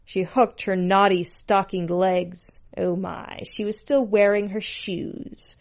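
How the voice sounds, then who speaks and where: A woman's voice: mid-range voice, steady tone, slow pace, few pauses, dull audio. A woman narrating a story in a dry, sardonic manner.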